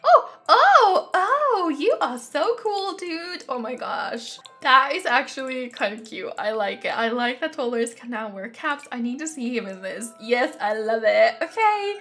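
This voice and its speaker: A young woman reviewing a video game in excitable, gushing commentary, often gasping with delight. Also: sits high. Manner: gushing and excitable, frequent gasps. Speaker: gaming YouTuber.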